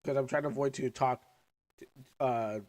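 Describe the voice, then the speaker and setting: A young man with a sick, cough-prone voice chats loosely on his livestream. He rambles, restarts and trails off. He talks around candy in his mouth, at an ordinary middle pitch. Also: fairly even intonation, normal speed, a little mellow. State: sick, coughing, recovering lungs. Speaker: streamer. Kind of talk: casual livestream chat.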